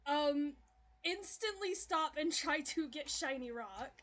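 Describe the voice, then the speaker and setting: A woman playing a tabletop game, giggling and talking in a drawn-out way. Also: high-pitched, lively intonation, a bit bright. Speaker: player. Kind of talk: casual tabletop role-play.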